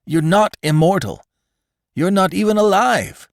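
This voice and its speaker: An actor voicing a calm, logical, reasonable man who explains things earnestly in a storybook reading. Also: high-pitched, a little slow, vocal fry, no echo, clean studio sound, pitched above the performer's own voice, exaggerated voice. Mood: urgent.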